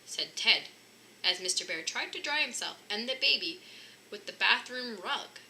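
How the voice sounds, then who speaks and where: A woman's voice: a little high, moderate pace, slight background noise. A woman reading a children's picture book aloud, lifting her voice for the characters' lines. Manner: lively, lifting voices for the bear cubs' lines. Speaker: storybook reader.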